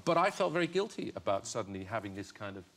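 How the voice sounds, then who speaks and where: A man's voice: fairly low pitch, sing-song, fast, a bit bright, a little hiss or hum. A middle-aged man from Northern Ireland, a guest on a TV chat show, talking in a reflective way with many restarts and easy laughs. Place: television studio.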